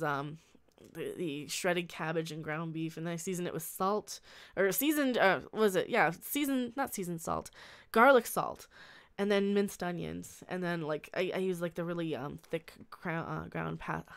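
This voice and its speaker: A woman's voice: fairly low pitch, animated, normal speed, creaky, smooth. Chatty woman streaming from home. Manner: chatty, laughs often, rambling restarts. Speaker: livestream host reading chat. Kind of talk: casual chat. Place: small room at home next to a closet.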